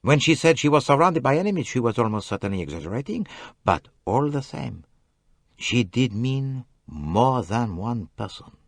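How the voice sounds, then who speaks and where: A man reading an audiobook, voicing a fastidious older detective who speaks earnestly and formally. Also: medium pitch, big pitch swings, dry recording, pitched above the performer's own voice. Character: fastidious older male detective, calm and probing. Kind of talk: audiobook character voice.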